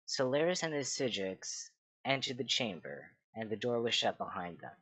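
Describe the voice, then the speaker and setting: A man reading a fantasy story aloud in a steady, measured way. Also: mid-range voice, dry recording. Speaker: reader of game lore books.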